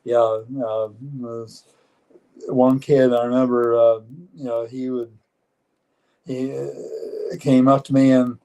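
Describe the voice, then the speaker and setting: A man's voice: medium pitch, dark tone, poor audio. A man in his seventies, a guest in a live-streamed interview, speaking in an earnest, matter-of-fact way with frequent halts and restarts. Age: 70s.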